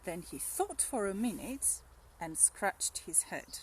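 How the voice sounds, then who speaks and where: A woman teacher reading a rhyming picture book aloud with expressive, rhythmic storytelling. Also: medium pitch, slow, a little hiss or hum.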